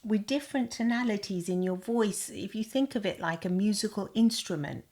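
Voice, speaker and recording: Chatty woman co-host, quick to laugh. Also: medium pitch, animated, mellow. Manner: chatty, laughs often, lots of fillers. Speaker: podcast co-host. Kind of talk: casual chat.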